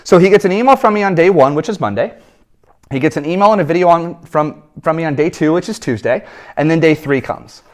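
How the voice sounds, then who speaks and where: A man in his thirties, a business coach, telling a sales story in an energetic coaching talk and acting out the people in it. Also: on the high side, brisk. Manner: animated storytelling, acts out quoted voices.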